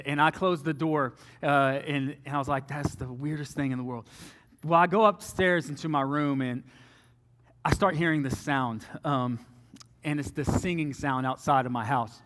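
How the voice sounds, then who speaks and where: A young man telling a personal story from the front of a church, animated and often dropping low and soft for quoted lines. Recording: long reverb of a large hall.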